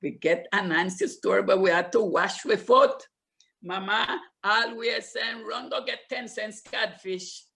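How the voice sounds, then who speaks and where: An older woman storyteller from Limón, Costa Rica, with a Limón Creole English accent, telling childhood memories in an animated way and repeating words for emphasis. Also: mid-range voice, measured pace, creaky.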